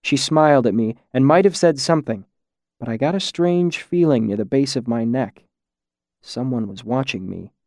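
A man reading a first-person story aloud in a measured way, dropping quieter on the darker lines. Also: mid-range voice, dry recording, studio quality. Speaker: audiobook narrator. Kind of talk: scripted first-person narration.

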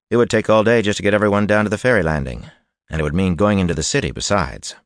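Low-voiced man narrating a fantasy audiobook. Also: dry recording, studio quality. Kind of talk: scripted narration.

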